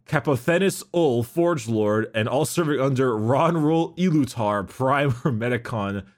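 A man co-hosting a casual book-discussion podcast, talking haltingly with many restarts and fillers. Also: mid-range voice, animated. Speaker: podcast co-host.

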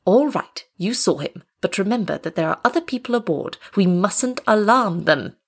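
A woman's voice: mid-range voice, animated, moderate pace, husky. A woman reading the lines of a firm male airline pilot who speaks in a commanding, then soothing way. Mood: placating. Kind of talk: audiobook reading.

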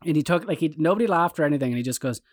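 An Irish man telling rambling anecdotes in casual chat, jumping into animated quoted voices. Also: a little high, racing, dry recording, clean studio sound. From Ireland.

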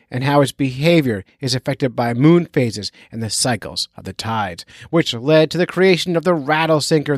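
A man's voice: mid-range voice, no room sound, studio quality. A man hosting a fishing podcast, talking in a goofy, self-mocking, chatty way. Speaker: podcast host. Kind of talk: casual podcast intro.

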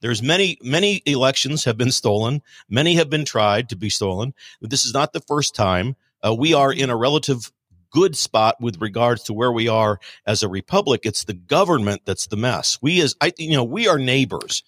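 A man's voice: mid-range voice, animated, moderate pace, fairly bright tone, no echo. A man speaking as a guest author on a political talk show, emphatic and rambling with frequent restarts.

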